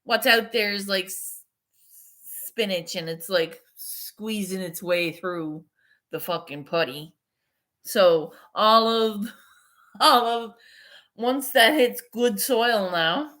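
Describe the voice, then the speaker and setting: A woman's voice: medium pitch, takes it slowly, a bit bright. A woman vlogging in casual, rambling chat, swearing freely and laughing often.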